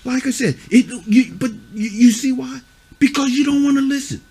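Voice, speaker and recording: High-voiced middle-aged man as a tough mentor, scolding kids bluntly. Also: normal speed, darkish tone, slightly rough. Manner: scolding, repeats "huh?" and "you see what I'm saying"; blunt, curses. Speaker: youth mentor. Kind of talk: stern lecture to children.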